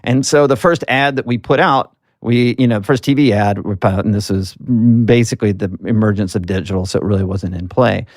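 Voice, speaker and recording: A man from Alabama, in the US South, appears as a political marketing guest in a casual interview, telling stories earnestly with frequent fillers. His fairly low, a little mellow voice is fairly quick with few pauses, in clean studio sound with no echo.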